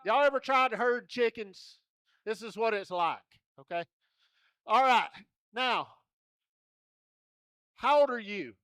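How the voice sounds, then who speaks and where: A man's voice: very high voice, lively intonation, takes it slowly, pauses often, fairly bright tone, clear, resonant tone, no room sound, studio quality. A man at a rodeo arena, coaxing children into a contest in a folksy, joking way over a handheld mic. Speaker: rodeo entertainer running a kids' contest. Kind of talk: lively arena crowd-work.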